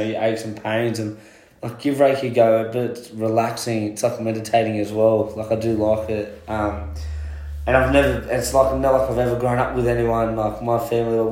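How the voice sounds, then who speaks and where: A man's voice: mid-range voice, darkish tone. A man with an Australian accent, chatting as a guest who works as a concreter, swearing freely and laughing at himself. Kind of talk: casual chat. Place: at home, indoors. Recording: roomy home recording.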